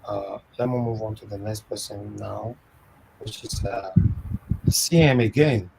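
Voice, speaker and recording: A man moderating an open discussion, brisk and full of thank-yous and fillers. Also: fairly low pitch, vocal fry, very noisy.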